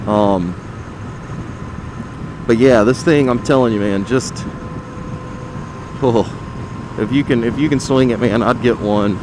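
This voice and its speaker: A man's voice: mid-range voice, takes it slowly, long pauses. A man chatting casually and profanely while riding a motorcycle, talking through a helmet mic with lots of fillers. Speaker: motovlogger. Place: on a motorcycle on open roads. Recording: wind and road noise. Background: traffic and engine noise.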